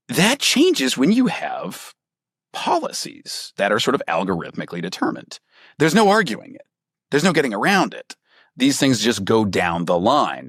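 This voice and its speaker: A man being interviewed, telling stories in a lively, conversational way and acting out the people he quotes. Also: on the low side, no echo, clean studio sound. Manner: animated storytelling, acts out quoted people. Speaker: author and reporter, guest.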